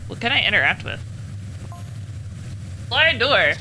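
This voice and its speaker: A young woman streaming a game, chatting casually and swearing at it out loud. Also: lowish voice, normal speed, slight background noise. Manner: swears often, scolds the game aloud. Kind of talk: casual gameplay commentary.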